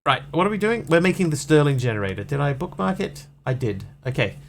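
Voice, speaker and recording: A man's voice: fairly high pitch, expressive, fast talker, creaky, slight background noise. A man streaming a video game, chatting casually and joking as he reads chat aloud. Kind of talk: casual gameplay commentary.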